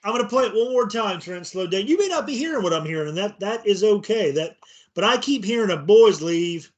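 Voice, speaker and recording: High-voiced man, excited and rambling. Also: fast. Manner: excited, rambling, repeats words. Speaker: podcast co-host. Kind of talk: casual chat.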